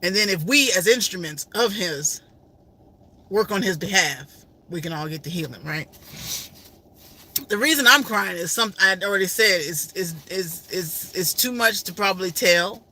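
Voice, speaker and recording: Bright, emotional woman telling a story. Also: fairly low pitch, animated, moderate pace. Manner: emotional, repetitive, faith-filled retelling. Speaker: vlogger. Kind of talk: personal storytelling.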